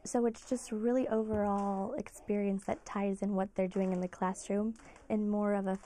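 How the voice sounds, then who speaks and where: In a steady, mid-pitched voice that barely rises or falls, a woman music teacher explains her classes. She talks in an earnest, explaining way, as in an interview. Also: moderate pace, a little hiss or hum.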